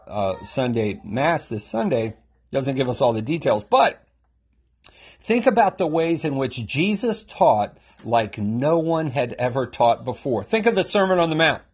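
Teaching scripture in a relaxed, conversational style, this man speaks at a measured pace in a medium-pitched voice with a husky, breathy edge. He bursts into quotes with lively energy, acting them out and chuckling frequently, and the audio is a little muffled and lo-fi.

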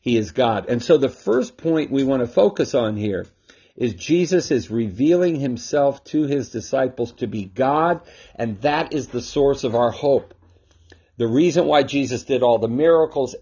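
Speaking from home in a mid-range, slightly mellow voice with some breathiness, this host and Bible teacher leads a casual Scripture talk. He speaks emphatically with frequent rhetorical "right?" check-ins, captured on a dull, lo-fi recording.

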